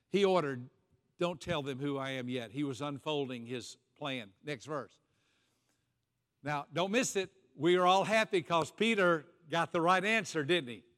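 Animated preacher in a reverberant sanctuary. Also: male voice, on the high side. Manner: animated preaching, acting out voices in the story. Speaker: pastor. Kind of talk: sermon.

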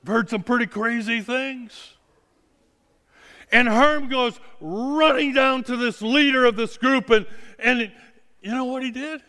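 A man preaches through a first-person story, stumbling and repeating words as he goes. His voice sits very high and bright, and his delivery is slow and unhurried. A long reverb trails behind every phrase. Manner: halting, repeats words as he retells.

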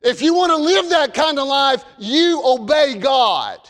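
Southern man preaching, very high voice, fervent, long church echo. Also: very animated, measured pace. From American South. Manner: fervent, shouts warnings then drops to folksy storytelling. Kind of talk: sermon.

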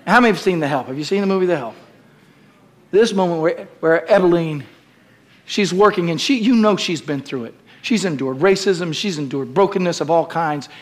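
A man preaching a sermon as pastor, calling out to the congregation and building to shouted climaxes in a church. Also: fairly high pitch, expressive, normal speed. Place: church sanctuary.

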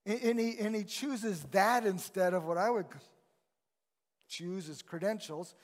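High-voiced man preaching in a reverberant hall. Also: fairly even intonation, a little slow. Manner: conversational, emphatic preaching. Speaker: pastor. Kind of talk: sermon. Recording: long reverb of a large hall.

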